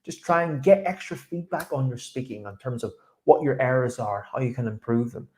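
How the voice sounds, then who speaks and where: A man's voice: mid-range voice, fairly quick, a little mellow. Male English teacher giving speaking feedback. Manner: encouraging, corrects pronunciation by modelling words. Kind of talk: feedback after a mock speaking test.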